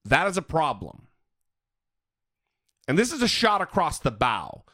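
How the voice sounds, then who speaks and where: A male podcast host delivers heated political commentary with frequent profanity. His voice runs high for a man and swings widely in pitch as he builds emphasis. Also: unhurried, no room sound, studio quality. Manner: animated, profane, ranting.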